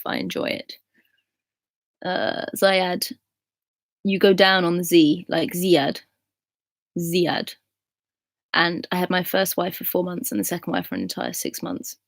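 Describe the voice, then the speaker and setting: A young English woman chats casually with her viewers, reading comments aloud and replying in an easy, friendly tone. Her voice sits a little low with a gravelly edge. The sound is dry and close. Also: no echo. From England. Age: 20s. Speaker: livestream host.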